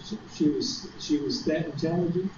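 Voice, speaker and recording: A man in the class asking the teacher a quiet question. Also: on the high side, normal speed, a little hiss or hum. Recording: echoey lo-fi classroom recording.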